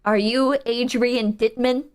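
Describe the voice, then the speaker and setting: A woman reading her moves aloud in a text adventure game, deadpan and deliberate. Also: on the high side, clean tone.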